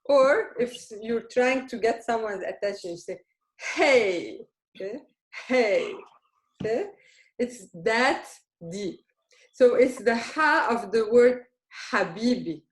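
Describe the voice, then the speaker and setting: A woman's voice: fairly high pitch, expressive, unhurried. A woman from Lebanon, teaching a beginner Arabic lesson and checking in patiently with her learners. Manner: patient and encouraging, checks in with "okay?" constantly. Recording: roomy room with faint noise.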